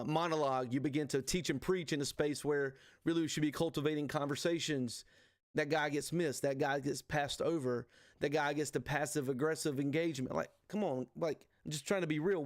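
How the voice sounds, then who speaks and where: Earnest, somewhat high-voiced male preacher. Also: dry recording, studio quality. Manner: earnest, casual, peppered with "dude" and "man". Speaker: host leading a men's ministry livestream. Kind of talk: conversational faith teaching. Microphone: livestream microphone.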